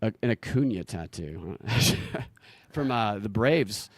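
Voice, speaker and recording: A man's voice: lowish voice, lively intonation, slow pace, no room sound. A man with a Southern US accent hosting a podcast, chatting casually and telling rambling stories with easy laughs. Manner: rambling storyteller, laughs easily. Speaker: podcast host.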